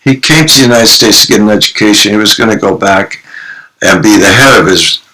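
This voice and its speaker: A man who is a psychologist and author, a podcast guest telling his stories in an animated way and acting out the quotes. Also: lowish voice, fairly quick, rough recording. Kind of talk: storytelling interview.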